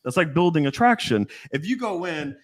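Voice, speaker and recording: A man's voice: a little high, sing-song, normal speed. A middle-aged man, a dating coach, talking in a blunt, profane casual chat and acting out the people he quotes.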